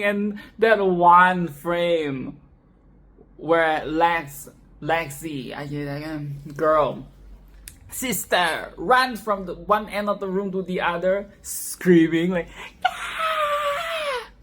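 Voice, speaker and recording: A young woman hosting a casual film rant, laughing often, exasperated and swearing, with sudden animated outbursts. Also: low voice. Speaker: film commentary channel host.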